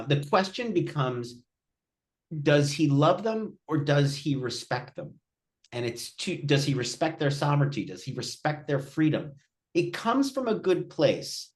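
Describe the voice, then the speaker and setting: A male film director at a post-screening Q&A, telling a story casually, acting out quoted voices, with many restarts. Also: mid-range voice. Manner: animated, acts out quotes, frequent restarts.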